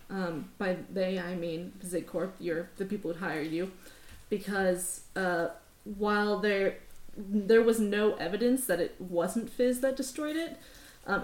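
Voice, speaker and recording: A woman running a tabletop game as game master, talking loosely and rambling with lots of fillers. Her voice sits at a middle pitch. The recording is roomy and echoey, made near a construction zone. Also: a little mellow. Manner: casual, rambling, laughs often.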